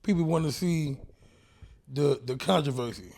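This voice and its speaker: A man co-hosting a casual podcast, thinking aloud with halting restarts. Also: fairly high pitch, creaky, darkish tone. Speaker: podcast co-host. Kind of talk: casual chat.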